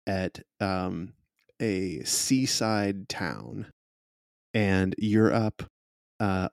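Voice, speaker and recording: A man running a tabletop game as game master, describing scenes slowly with many fillers. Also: fairly low pitch, creaky, darkish tone, smooth, no room sound, studio quality.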